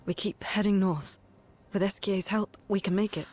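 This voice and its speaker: An actress voicing a shaken young woman scholar in a video game who clings to the plan in a flat, numbed way. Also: medium pitch, normal speed, no room sound, natural voice. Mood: dazed, fixated. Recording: game audio with music underneath.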